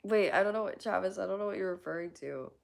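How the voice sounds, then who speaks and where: Giggly gravelly-voiced woman streamer. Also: mid-range voice, fast talker. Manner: giggly, reads chat aloud, swears casually. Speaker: live streamer. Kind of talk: casual live-stream chat.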